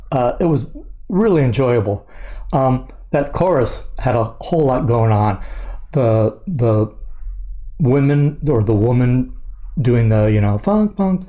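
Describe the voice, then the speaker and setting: An older man hosting a music reaction video, talking casually and hesitantly with many pauses and fillers. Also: mid-range voice, warm tone.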